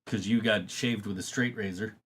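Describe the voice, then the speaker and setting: A man's voice: fairly low pitch, fairly even intonation, normal speed, slightly rough. A man hosting a podcast in casual chat, swearing freely and laughing through his stories. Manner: profane, laughing storyteller. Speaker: podcast host.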